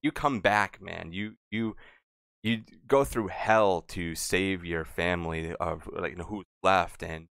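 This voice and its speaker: A man's voice: deep voice, slow, creaky, a bit bright, smooth, no echo, clean studio sound. Casual rambling male podcast host. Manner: casual, rambling questions with fillers. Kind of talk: podcast interview.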